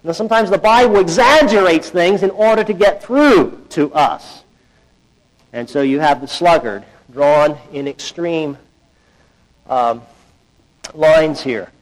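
A man preaching a sermon in a conversational, folksy way, acting out quoted voices with big swings in loudness. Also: takes it slowly, long pauses, low-quality recording. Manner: animated, acts out quoted voices with big swings in pitch and volume. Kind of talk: expository sermon.

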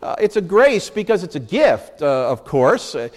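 A man's voice: on the high side, sing-song, moderate pace, long reverb tail. A middle-aged man preaching a sermon as pastor, reading scripture in earnest and talking it over with frequent "uh" fillers. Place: church sanctuary.

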